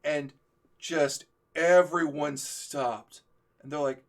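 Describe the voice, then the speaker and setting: A man co-hosting a stream, telling stories in a casual chat, animated, often laughing and acting out what people said. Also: a little high, measured pace. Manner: animated storyteller, laughs often, acts out quotes. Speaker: stream co-host.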